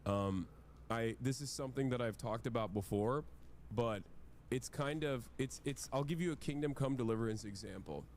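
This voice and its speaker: A man in a played stream clip, explaining his view in a halting, lecturing way. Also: mid-range voice, slight background noise. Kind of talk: explaining, casual.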